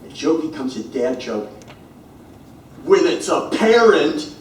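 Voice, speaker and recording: A man's voice: a little high, big pitch swings, takes it slowly, very noisy. A man doing stand-up comedy, telling a story with mock exasperation at bad puns. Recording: very echoey room, mic far away.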